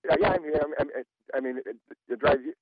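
A man's voice: medium pitch, flat delivery, quick pace. A man calling a radio show, venting in an exasperated way and repeatedly asking if he is understood. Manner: exasperated, repeats "you know what I mean". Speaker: caller. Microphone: phone. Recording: narrow phone line.

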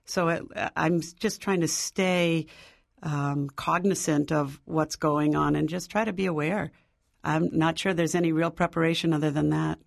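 A man's voice: fairly high pitch, fairly even intonation, unhurried, creaky, no room sound. A man who volunteers on aid trips, answering thoughtfully and with hesitation. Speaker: guest volunteer.

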